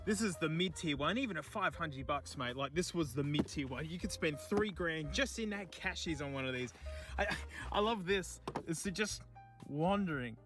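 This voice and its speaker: A man's voice: on the high side, lively intonation, normal speed, over music. An Australian man chatting casually outdoors in remote bushland, joking and talking to the things he finds as he goes. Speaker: streamer. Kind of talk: casual vlog chat.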